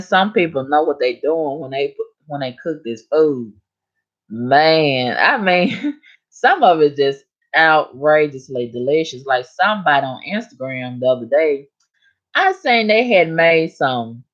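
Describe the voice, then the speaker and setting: A woman hosting a casual live stream, chatting with viewers and answering their comments in relaxed vernacular speech. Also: deep voice. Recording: dull lo-fi stream audio.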